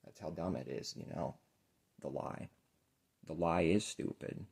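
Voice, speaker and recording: Low gravelly male preacher. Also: unhurried. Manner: rambling, earnest, trailing off quietly. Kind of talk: informal sermon.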